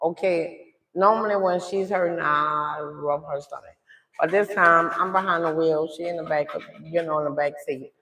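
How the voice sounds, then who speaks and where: A middle-aged woman on a livestream, retelling a family story in a dramatic, animated way and often asking viewers "okay?". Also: sits low, normal speed. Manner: dramatic, animated retelling that swings from loud outbursts to hushed asides; addresses viewers directly, often checking in with "okay?". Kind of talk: casual storytime. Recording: echoey room.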